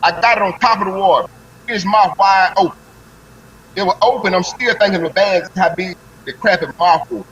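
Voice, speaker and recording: High-voiced guy on a live stream spinning an excited fish story, heavy slang. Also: normal speed, highs cut off. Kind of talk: animated fishing story, casual chat.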